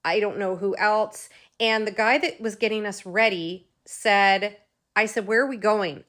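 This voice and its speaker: A woman recounts her own experience for her followers in a personal, emotional storytelling style. She acts out dialogue and repeats phrases for weight, and her voice sits at an ordinary middle pitch for a woman. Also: steady tone, moderate pace, fairly bright tone. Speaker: vlogger.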